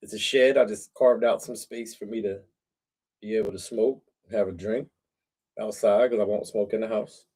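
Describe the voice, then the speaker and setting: A man's voice: on the low side, fairly even intonation, moderate pace, a little mellow, slightly rough. A middle-aged man chatting casually on a livestream from a cold backyard shed, talking straight to his viewers with slang and fillers. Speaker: livestream host.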